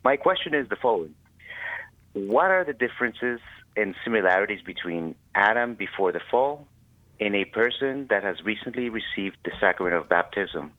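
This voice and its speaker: Male caller from Canada, low voice, phone-line sound, formal and polite. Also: animated, moderate pace. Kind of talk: phoned-in question.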